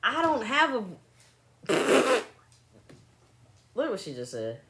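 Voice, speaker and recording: A livestream host chats casually on a phone recording, joking, teasing playfully and laughing often. Her voice sits on the high side, slow, a bit bright and swooping wildly in pitch, with a little hiss or hum.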